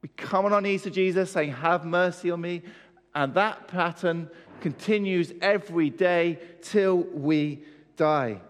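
A man preaching a sermon, pressing his points with rhetorical questions and repetition. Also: high-pitched. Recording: long hall reverb.

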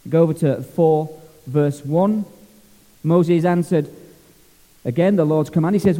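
Jokey Scottish pastor in a church hall. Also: male voice, a little high, a little slow. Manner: lively, jokey, colloquial. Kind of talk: sermon.

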